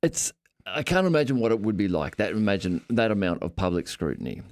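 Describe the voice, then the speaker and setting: A man hosting a podcast, his lowish voice gravelly and lively in pitch. He jokes and throws in quick remarks. The sound is dry and close. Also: no echo. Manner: joking, quick interjections. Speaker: podcast host. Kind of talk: casual chat.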